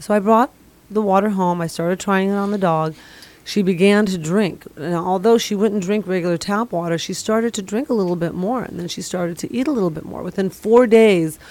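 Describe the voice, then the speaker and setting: A woman's voice: fairly low pitch, darkish tone. A middle-aged woman from the Middle East telling a long personal testimonial in an earnest, rambling way. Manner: earnest, rambling, many fillers. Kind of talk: casual storytelling.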